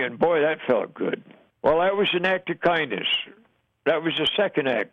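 An older man recalls his war days in plain, folksy speech, chuckling as he talks. His voice sits a little high for a man. The recording is dull and dry, with no room sound. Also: no echo. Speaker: war veteran interviewee. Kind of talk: oral history storytelling.

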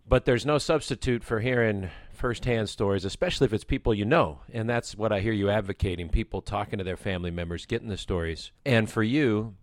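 A man hosting an interview, asking measured, well-prepared questions with background context. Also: fairly low pitch, no echo, studio quality.

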